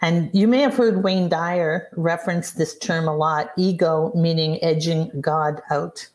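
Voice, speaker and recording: Earnest woman in her sixties, lowish voice. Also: fairly even intonation, unhurried, darkish tone. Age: 60s. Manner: earnest, reflective storytelling. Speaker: guest business coach. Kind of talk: podcast interview, storytelling.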